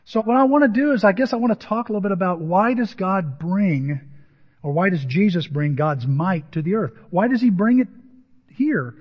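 A man preaching a sermon as a pastor, telling stories with lively acted-out voices and crowd noises. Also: sits high, slightly rough. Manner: animated storytelling, acts out voices and crowd noises. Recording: dull lo-fi audio with long hall reverb.

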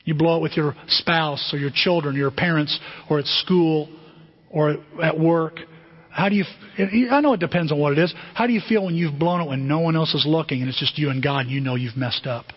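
A middle-aged man preaching a sermon as pastor, animated and conversational, often asking the congregation questions. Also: on the high side, brisk, husky. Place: church sanctuary. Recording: dull, muffled sermon recording with long hall reverb.

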